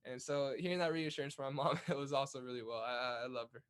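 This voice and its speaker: A young man from California's Central Valley, a boxer, speaks earnestly as a guest in a casual interview, often repeating words. His voice is medium-pitched, quick, slightly bright, clear and resonant.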